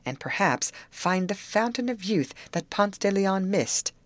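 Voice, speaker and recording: A playful teenage girl tosses out teasing remarks, voiced by a woman reader. Her lines sit raised over the reader's low natural voice with lively movement. Dry, close audiobook sound. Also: unhurried, no room sound. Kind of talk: audiobook character reading.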